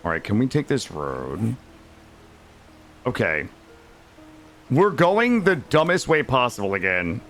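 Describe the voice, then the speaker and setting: A man's voice: medium pitch, huge pitch swings, slow pace, long pauses, a bit bright, soft background music. A man from Vermont chatting casually with his live-stream chat while he plays, joking and swearing freely. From Vermont, USA. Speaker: gaming streamer.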